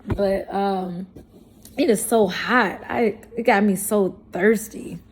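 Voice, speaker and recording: A woman vlogger from St. Louis speaks straight to her viewers in a loose storytime monologue. Her talk is blunt and full of swearing and street slang. She stays animated and laughs now and then at her own points, in a middle-pitched voice. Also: slow, a little hiss or hum. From St. Louis, Missouri, USA.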